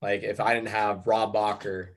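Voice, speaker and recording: Low-voiced, modest male guest. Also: flat delivery. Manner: modest, halting, repeats words. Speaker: guest player. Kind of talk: casual chat.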